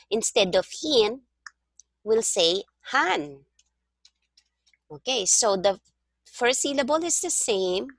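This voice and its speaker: A woman's voice: medium pitch, fairly bright tone, no room sound. A woman teaching a one-on-one language lesson over a video call, explaining patiently step by step. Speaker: language tutor.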